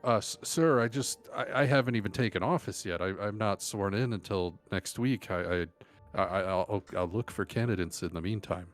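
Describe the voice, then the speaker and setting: A man's voice: fairly low pitch, normal speed, few pauses, faint music behind. A man playing his character in a tabletop game, stammering and hesitant. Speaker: player. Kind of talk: in-character role-play.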